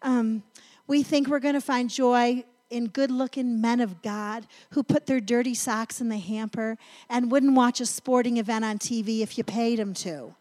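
Animated woman storyteller preaching. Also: fairly high pitch, normal speed. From North Carolina. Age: middle-aged. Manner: animated storyteller, emphatic build-ups. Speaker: women's ministry speaker. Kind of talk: sermon with storytelling.

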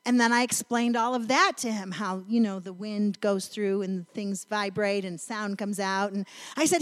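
A middle-aged woman from North Carolina giving a sermon, telling a family story in an animated, emphatic way. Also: mid-range voice, normal speed, hardly any pauses. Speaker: women's ministry speaker.

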